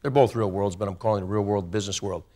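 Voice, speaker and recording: An older man giving a motivational speech to a football team, telling stories in low confiding tones that swing into loud rallying bursts. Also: fairly even intonation, racing. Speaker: motivational speaker.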